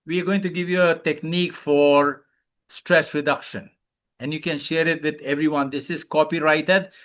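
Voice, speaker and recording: A man coaching a live webinar, loud and playful, calling out repeated commands and leading laughter exercises over a video call. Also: on the high side, fairly even intonation, moderate pace. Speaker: wellness coach, webinar speaker.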